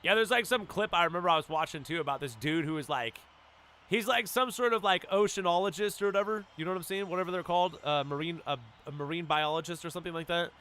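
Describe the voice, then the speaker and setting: A man's voice: high voice, quick pace, bright, forceful tone. A man streaming a video game, chatting casually in a rambling, laid-back way full of "like" and "dude". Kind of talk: casual stream chat while gaming.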